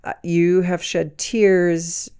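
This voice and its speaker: A woman's voice: on the low side, little pitch movement, drawn-out words, crowd noise. A middle-aged woman co-hosting a podcast in casual chat, teasing and laughing often. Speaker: podcast co-host.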